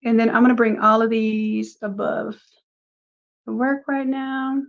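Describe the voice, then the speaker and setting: A chatty woman with a slightly high voice, talking her class through a design tutorial step by step. The sound is dull and lo-fi, like a live stream, and her delivery stays relaxed and conversational. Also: unhurried, creaky. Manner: casual, chatty, talks through each step. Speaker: design instructor. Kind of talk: live screen-share tutorial.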